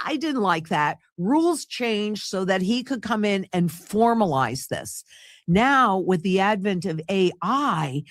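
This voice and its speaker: A woman speaking in a steady, cautionary lecturing manner in a clip played on a stream. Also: medium pitch, no room sound, studio quality. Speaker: financial commentator.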